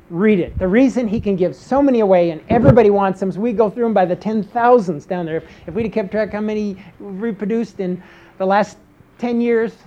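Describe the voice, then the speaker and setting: A woman's voice: mid-range voice, dark tone, muffled recording. A woman preaching a Bible-teaching sermon, posing rhetorical questions and checking in with her listeners by asking "okay?".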